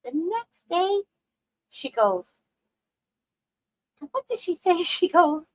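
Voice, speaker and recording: A woman hosting a live stream, chatting casually with viewers and telling animated stories, laughing often and swinging between loud outbursts and hushed asides. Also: extremely high pitch, takes it slowly, poor audio.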